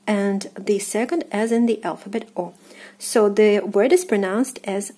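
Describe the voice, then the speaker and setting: Russian woman language teacher, Russian accent, unhurried, mellow tone, patient drilling. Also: medium pitch, breathy edge. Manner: patient, repeats words slowly, hesitant fillers. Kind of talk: pronunciation lesson.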